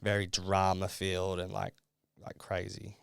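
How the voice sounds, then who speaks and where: A man's voice: low-pitched, monotone, unhurried, gravelly, a bit bright, clean tone, no room sound, studio quality. A young Australian man and reality show contestant, telling his story in a casual podcast interview, rambling with lots of fillers.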